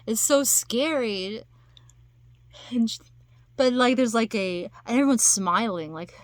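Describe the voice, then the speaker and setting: A woman's voice: a little high, measured pace, long pauses, no room sound. A woman chatting casually to camera, rambling with lots of fillers and restarts. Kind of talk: casual chat.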